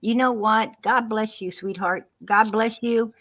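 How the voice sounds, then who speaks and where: A woman's voice: fairly high pitch, fairly even intonation, measured pace. A woman speaking on a heated live stream, preachy and repetitive, calling people hon and sweetheart. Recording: muffled lo-fi live-stream audio.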